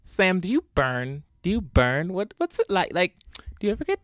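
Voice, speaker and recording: A man's voice: high voice, huge pitch swings, moderate pace, a bit bright, no room sound, clean studio sound, pitched above the performer's own voice, exaggerated voice. A man voicing a curious, nagging questioner who rambles and repeats himself. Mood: pestering.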